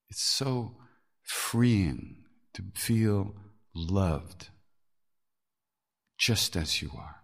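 Gravelly low-voiced man telling stories. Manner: frank and earthy, swears and laughs at himself. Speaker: podcast host telling spiritual stories. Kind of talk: candid storytelling talk.

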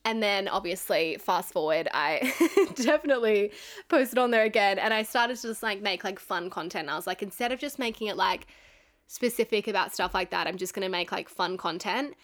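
A woman's voice: mid-range voice, brisk, fairly bright tone. Chatty Australian woman telling a story. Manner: chatty, swears freely, laughs often. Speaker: podcast host. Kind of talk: casual storytelling monologue.

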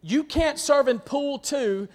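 A pastor with a high voice delivers a slow sermon to his church congregation, swinging from loud, emphatic lines to near-whispers. He calls out to people in the room by name, and the long reverb of a big hall rings around his voice.

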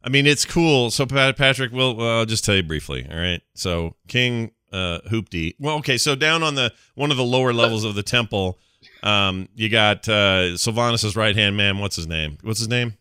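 A man hosts a casual podcast chat with a bright, forceful voice. He rambles through a recap, stumbles over names and laughs a lot. The sound is close and dry. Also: on the low side, animated, moderate pace, clear, resonant tone, no echo. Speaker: podcast host.

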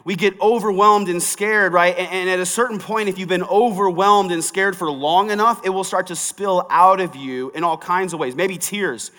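A man's voice: sits high, moderate pace, few pauses, bright, forceful tone. Preaching man in a reverberant hall. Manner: conversational preaching, rising to emphatic. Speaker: pastor. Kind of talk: sermon.

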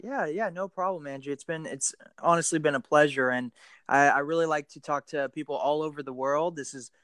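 A man with an American accent hosting a casual podcast interview, friendly and quick to laugh, with plenty of fillers. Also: a little high, a bit bright, clean tone, no echo. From United States. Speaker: podcast host.

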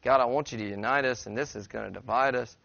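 A man's voice: mid-range voice, fast talker, creaky, fairly bright tone, dry recording, dull audio. A middle-aged pastor, a man, preaching a sermon in a folksy, conversational storytelling way to his church. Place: church sanctuary.

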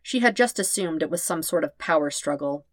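A woman narrating a story in a calm, steady voice, pitched a little low. The sound is dry and close, with no room around it. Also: a little fast, no echo. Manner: calm, steady, even reading. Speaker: podfic reader. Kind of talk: scripted narration.

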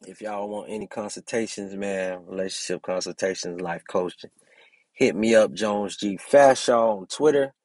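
A man's voice: lowish voice, darkish tone, no room sound. A brash young man hosting his own podcast, talking casually and preaching with plenty of profanity. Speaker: podcast host and relationship coach.

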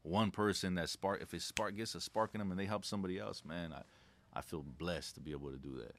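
A young man with a low-pitched, slightly bright voice talks fast. He's a credit specialist appearing as a podcast guest, laid-back and reflective, telling stories in casual slang.

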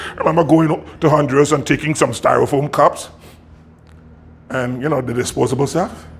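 A man's voice: medium pitch, gravelly, slight background noise. Laughing storyteller man preaching. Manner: lively, laughs often, acts out quotes. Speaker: pastor. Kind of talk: sermon storytelling.

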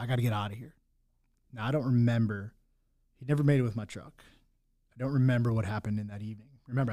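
A man's voice: mid-range voice, warm tone. A young man telling his own hard story in candid talk, blunt and full of swearing and restarts. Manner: raw, blunt, swears often, many restarts.

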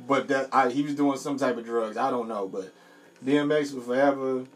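A man co-hosting a casual comedy podcast, relaxed and playful, eager when he talks about music. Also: mid-range voice, fairly quick. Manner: laid-back, enthusiastic about music, playful. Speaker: podcast co-host.

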